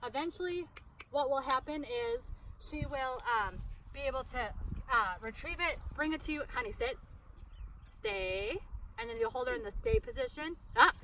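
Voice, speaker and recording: High-voiced woman training a dog outdoors. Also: expressive, normal speed. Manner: upbeat, coaxing commands to a dog between explanations. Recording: distant mic, loud outdoor noise.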